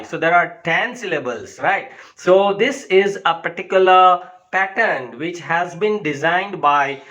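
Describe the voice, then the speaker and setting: A man's voice: high-pitched, unhurried, sharp tone, dull audio. A man, teaching poetry in a patient lecture that often checks in with "okay" and "you know". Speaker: English literature teacher.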